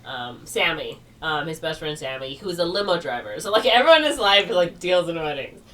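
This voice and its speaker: A woman's voice: deep voice, sing-song, fairly quick, sharp tone. A woman co-hosting a podcast who loosely retells a movie plot in a rambling way, with lots of "like" and laughs. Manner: rambling, filler-heavy with frequent "like" and laughs. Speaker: podcast co-host. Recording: distant mic with faint noise.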